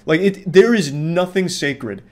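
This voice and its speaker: A man giving sarcastic reaction commentary in a deadpan, sardonic way, swearing freely. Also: fairly high pitch, a little slow.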